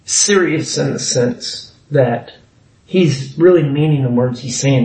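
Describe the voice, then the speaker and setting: A man's voice: on the high side, a little slow, darkish tone, far from the mic. A man preaching a sermon as pastor, voicing scripture passages with rising force. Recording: echoey room.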